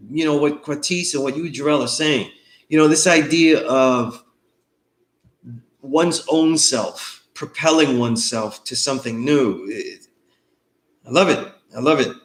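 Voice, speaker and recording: Speaking a little slowly, a man with a mid-range voice teaches an online course in a roomy-sounding space. He lectures conversationally and loosely, often pausing to check in with "you know what I mean?"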